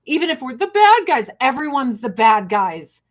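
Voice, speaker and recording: Animated, profane American woman on livestream. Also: high voice, moderate pace. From United States. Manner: blunt and profane, laughing often. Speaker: livestream host selling skincare. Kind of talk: casual livestream rant.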